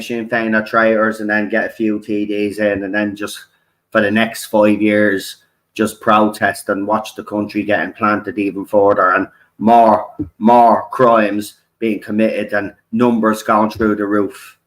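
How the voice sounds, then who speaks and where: With a lowish, level voice and an unhurried delivery, an Irish man rants angrily to his channel's camera. The tone is slightly bright and the recording low-quality. He swears a lot and keeps repeating "right?"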